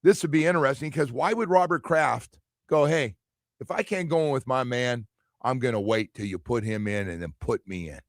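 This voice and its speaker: Man, sports radio host, rambling, animated, mid pitch, dry close mic. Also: moderate pace, no room sound. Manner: rambling, animated, acts out others' lines. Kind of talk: casual sports talk radio.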